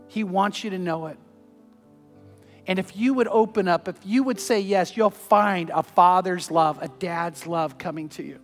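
A man preaching a sermon, telling a story earnestly and moving between loud urging and hushed, tender passages. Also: high-pitched, a little slow, in a large hall, faint music behind. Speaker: pastor.

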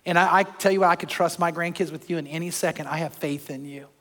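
An older male pastor with a high voice preaches in a church, his words trailing into a long hall reverb. He moves between soft, personal asides and lively, acted-out crowd shouts. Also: fast. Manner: animated storytelling, acts out crowd shouts. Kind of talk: sermon. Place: church sanctuary.

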